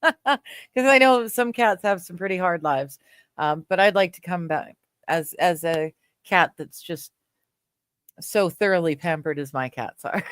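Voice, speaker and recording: A woman's voice: fairly low pitch, measured pace, clear, resonant tone, no room sound, studio quality. A woman from Canada hosting a casual livestream chat, reading viewer comments aloud, laughing often and trailing off with fillers. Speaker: livestream host.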